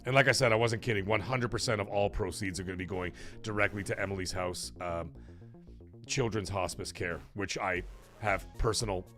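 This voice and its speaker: A man's voice: low voice, a bit bright. A man hosting a casual live stream, chatting with viewers, rambling with many fillers and restarts and swearing freely. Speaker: streamer and show host.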